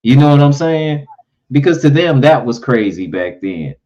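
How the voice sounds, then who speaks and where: A man co-hosting a casual chat show, telling stories and getting animated when he quotes other people. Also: medium pitch, moderate pace. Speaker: co-host. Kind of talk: casual chat about current events. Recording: dull lo-fi sound.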